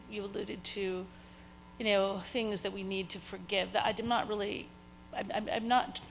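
A woman's voice: medium pitch, gravelly, fairly bright tone, slight background noise, rough recording. A woman in the audience asking a long question at a talk, hesitant and searching for her words.

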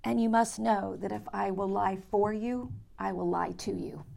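An honest, earnest male employee, voiced by a woman telling a story speaks calmly. There is some gravel in the voice. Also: medium pitch, moderate pace.

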